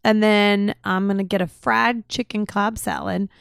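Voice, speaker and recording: A woman's voice: medium pitch, flat delivery, moderate pace, gravelly, smooth, dry recording, clean studio sound. A woman co-hosting a podcast in casual chat, giving brief replies and laughing easily. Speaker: podcast co-host.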